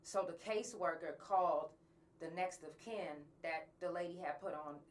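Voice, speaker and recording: Woman host, candid rant, heavy cursing, low-ish voice; faint background hiss. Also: steady tone, normal speed, distant mic. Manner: blunt, angry, swears often. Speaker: podcast host. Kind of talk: candid monologue to listeners.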